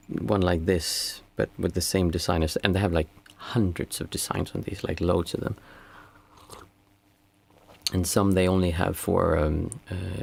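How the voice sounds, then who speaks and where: A man's voice: deep voice, vocal fry, darkish tone, breathy edge. A man, a meditation teacher chatting casually and reflectively with viewers on a livestream. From Sweden. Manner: unhurried, reflective, reads out chat messages.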